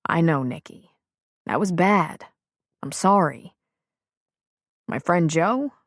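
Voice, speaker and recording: A woman voicing a frank, plain-spoken man on the phone in an audiobook, gently persuasive. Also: fairly low pitch, animated, takes it slowly, no echo, clean studio sound, full character voice. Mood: earnest. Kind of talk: audiobook character reading.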